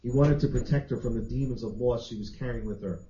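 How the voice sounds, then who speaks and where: A man's voice: mid-range voice, fast, dark tone, slight background noise. Man reading his fiction aloud. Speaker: author. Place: library reading event. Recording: roomy, dull recording.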